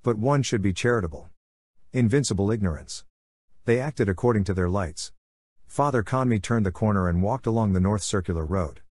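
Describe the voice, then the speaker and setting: A man narrating a literary novel as an audiobook reader, in a measured, even delivery. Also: on the low side, no echo, studio quality.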